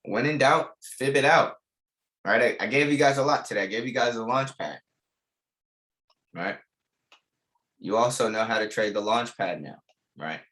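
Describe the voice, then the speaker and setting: A man's voice: medium pitch, fairly bright tone. A young man teaching a live online trading class, repeating key lines with emphasis and casual slang. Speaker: trading instructor.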